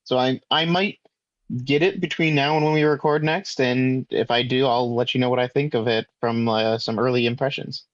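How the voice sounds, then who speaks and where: A man co-hosting a podcast in casual chat, relaxed and thinking aloud with plenty of fillers. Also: medium pitch, normal speed, no echo, highs cut off. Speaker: podcast co-host.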